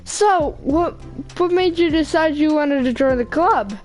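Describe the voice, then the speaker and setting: A woman's voice: high voice, a little slow, voice pushed up, rough recording. A woman reading a visual novel aloud, voicing a cheerful, friendly teenage girl with an upbeat, encouraging manner.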